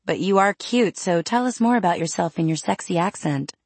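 A woman's voice: lowish voice, animated, brisk, husky, no room sound. A woman voicing a brash young female vampire clan leader who talks with cheeky self-confidence.

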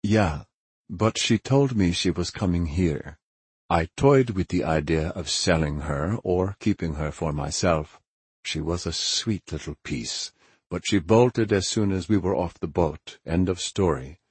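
A man reads a crude, boastful male smuggler who sneers and swears his way through every line, in a low, husky voice. He sounds like an audiobook villain delivered by the narrator, dry and close to the mic. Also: a little slow, dry recording. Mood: dismissive. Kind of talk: audiobook character voice.

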